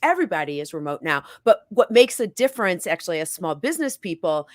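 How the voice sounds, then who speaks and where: A woman hosting an interview, chatty and quick to laugh at herself. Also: lowish voice, big pitch swings, no echo, studio quality. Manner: chatty, laughing, self-deprecating. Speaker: host. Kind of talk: casual interview chat.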